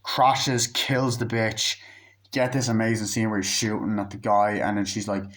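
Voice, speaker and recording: A man's voice: on the low side, steady tone, normal speed, a bit bright. A man casually recapping a film's plot as a movie reviewer, rambling and swearing freely, with lots of "like" and quoted lines. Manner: profane, rambling retelling full of "like" and acted quotes.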